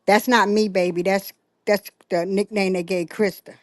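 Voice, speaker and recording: A woman who joins a livestream for a quick friendly chat, talking briskly before she has to leave. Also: mid-range voice, steady tone, no echo, studio quality. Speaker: viewer joining the stream. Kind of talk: casual call-in chat.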